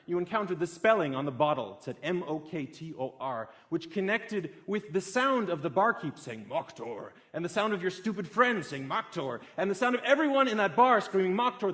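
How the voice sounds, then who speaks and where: A fairly high-voiced young man delivers a talk as a vivid story. He builds up energy and enthusiasm as the tale climbs to its peak, and his delivery stays conversational and expressive throughout. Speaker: speaker giving a talk.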